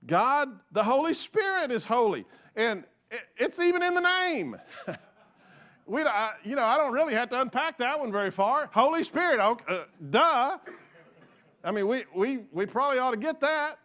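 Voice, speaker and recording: A man's voice: very high voice, expressive, moderate pace, bright, forceful tone, lo-fi sound. A man pastor preaching a conversational sermon in church, repeating words as he goes and joking with the congregation.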